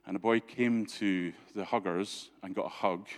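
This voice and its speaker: A man gives a church talk full of stories. He is chatty and often laughs, and he restarts his sentences a lot. His voice sits a little low. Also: steady tone, moderate pace. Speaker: church speaker. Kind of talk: anecdotal storytelling talk.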